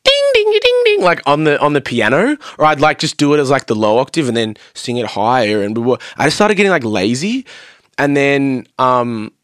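A man's voice: medium pitch, a little fast, clear, resonant tone, no echo, clean studio sound. A young man, a podcast guest telling rambling, sweary stories about his singing career. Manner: rambling, sweary, animated storytelling. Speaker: podcast guest, vocalist and producer. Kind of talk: casual podcast chat. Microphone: studio mic on a stand.

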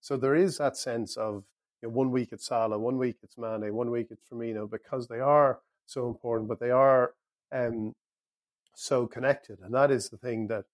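A man's voice: medium pitch, fairly even intonation, normal speed, no echo, clean studio sound. A man on a football podcast, talking in a thoughtful, analytical way. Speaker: podcast pundit. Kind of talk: casual football discussion.

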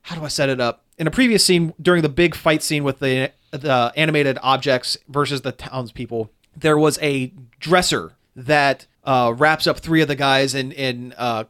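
A man's voice: mid-range voice, normal speed, hardly any pauses, fairly bright tone, smooth. A man in casual chat reviewing a film, rambling with restarts and fillers as he goes. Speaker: movie reviewer.

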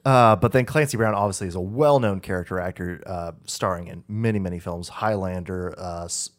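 A man's voice: deep voice, brisk. A man co-hosting a podcast in casual chat, meandering and correcting himself as he recalls details, laughing easily. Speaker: podcast co-host.

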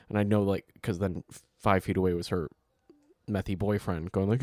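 Lively man telling street stories. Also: lowish voice, normal speed, dry recording, clean studio sound. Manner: animated storyteller acting out quotes. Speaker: podcast co-host. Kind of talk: casual chat. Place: New York.

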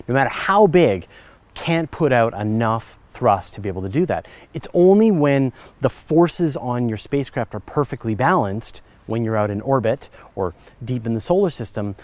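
A man's voice: medium pitch, a little mellow. A middle-aged man hosting a podcast, answering listener questions in a chatty, enthusiastic way with fillers and self-corrections. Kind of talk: casual explanatory chat.

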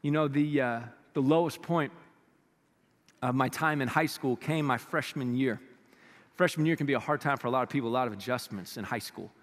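A man from the United States preaching a sermon, reading scripture and telling stories in an animated way. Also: mid-range voice, fairly quick, big-room sound. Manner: animated storytelling, acts out quoted voices. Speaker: pastor.

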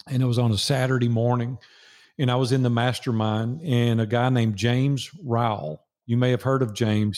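A man's voice: medium pitch, darkish tone. A man in his sixties, a guest on an interview show, telling a personal story in an earnest, preacherly way and acting out the dialogue.

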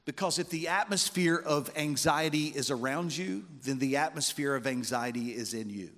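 A pastor preaching in a church hall, his fairly high voice trailing off into a long reverb. He tells homespun stories and keeps calling out to the congregation. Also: normal speed, a bit bright. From West Virginia roots, United States. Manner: folksy storytelling with call-outs to the congregation. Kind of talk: sermon.

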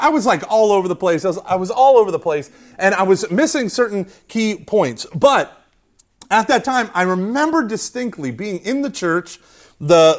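A man speaks in an animated, conversational preaching style, often checking in with "right?" and acting out quotes. His voice is fairly high and lively, rising and falling widely. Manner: conversational, keeps asking "right?", self-mocking humor, acts out quotes. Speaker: speaker at a Catholic youth talk. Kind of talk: animated preaching talk to an audience.

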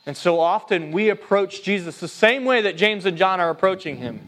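A man preaching a sermon in a casual, conversational way, reading scripture aloud and acting out the quoted lines. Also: normal speed. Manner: conversational, animated, voices quotes in a higher pitch.

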